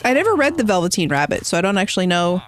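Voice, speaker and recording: A woman's voice: on the low side, big pitch swings, very fast. A woman streaming a video game, chatting casually and playfully with her viewers and teasing them as she reads their messages. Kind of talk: casual gameplay live-stream chat.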